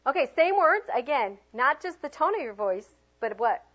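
A woman runs a teaching workshop in a lively, animated way, her voice sitting a little high as she swings between loud and soft to make her point. The recording sounds dull and lo-fi, like a room captured on a modest device. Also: normal speed. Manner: animated, demonstrates tones of voice, lots of fillers. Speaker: teacher trainer. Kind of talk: classroom workshop talk.

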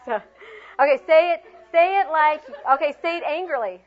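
A woman runs a teaching workshop in a lively, animated way, her voice sitting a little high as she swings between loud and soft to make her point. The recording sounds dull and lo-fi, like a room captured on a modest device. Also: moderate pace, slight background noise. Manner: animated, demonstrates tones of voice, lots of fillers. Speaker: teacher trainer. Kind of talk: classroom workshop talk.

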